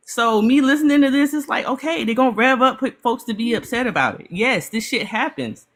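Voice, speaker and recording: A woman giving heated reaction commentary, ranting fast and full of swearing, upset and apologizing. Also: fairly high pitch, animated, a bit bright. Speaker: panelist.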